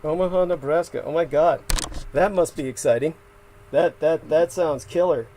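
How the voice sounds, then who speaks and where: Man, livestream co-host, casual chat, stop-start talk, slightly high pitch, faint hiss behind. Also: warm tone, poor audio. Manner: halting, many restarts and fillers, laughs often.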